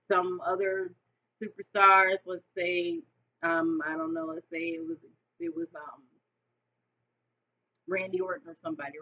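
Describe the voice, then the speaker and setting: A woman talks at a middle pitch in a casual, excited monologue, rambling on with many fillers. The recording is dull and lo-fi, with the top end muffled. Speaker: wrestling fan vlogger.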